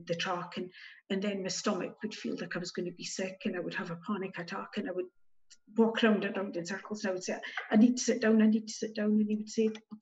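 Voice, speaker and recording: Woman recounting her ordeal, halting. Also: mid-range voice, a little mellow. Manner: emotional, halting, with wry asides. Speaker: guest telling her story. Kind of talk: candid spoken testimony. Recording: dull lo-fi recording.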